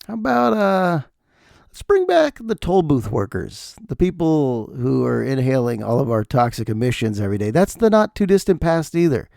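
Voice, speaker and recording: Gravelly, animated man ranting. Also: mid-range voice, moderate pace, dry recording, clean studio sound. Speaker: podcast host. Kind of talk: comedic podcast monologue.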